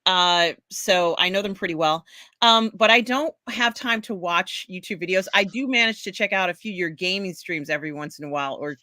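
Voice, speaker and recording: A woman's voice: lowish voice, fairly quick, pushed and bright, dry recording, clean studio sound. A woman hosting a casual pop culture livestream, rambling with many ums and reading viewer comments aloud. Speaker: podcast host reading chat. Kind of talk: casual chat.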